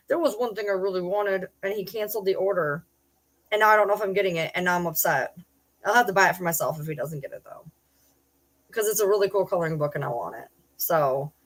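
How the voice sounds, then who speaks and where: A middle-aged woman streamer chatting casually with her viewers, blunt and profane, breaking into loud yells now and then. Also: mid-range voice. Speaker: streamer reading chat. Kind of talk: casual live-stream chat.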